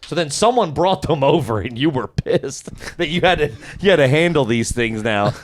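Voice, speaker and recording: A man's voice: fairly high pitch, animated, moderate pace. A man co-hosting a podcast, telling a rambling story full of swearing and quoted back-and-forth. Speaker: podcast co-host. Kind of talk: casual storytelling chat.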